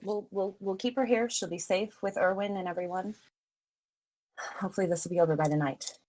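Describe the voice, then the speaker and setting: A woman's voice: medium pitch, fairly even intonation, fairly quick, darkish tone, rough recording. A woman playing a tabletop game in a chatty, upbeat way, full of fillers. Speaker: player.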